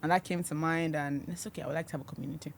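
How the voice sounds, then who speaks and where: A man's voice: on the high side, fairly even intonation, very fast, creaky. A Nigerian man with a Nigerian accent, hosting a podcast and talking in a reflective, conversational way. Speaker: podcast host. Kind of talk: casual interview chat.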